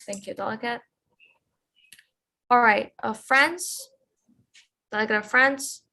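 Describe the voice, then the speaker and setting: Female committee chair, slow and slightly unsure delivery, high-ish voice, video call. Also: expressive, bright, forceful tone. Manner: hesitant, with many fillers. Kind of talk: online roll call.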